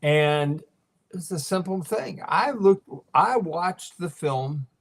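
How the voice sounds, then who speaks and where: Sports writer guy, bit high voice, eager, rattling off game details. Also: slow. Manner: eager, detail-heavy recounting of games. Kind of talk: casual chat.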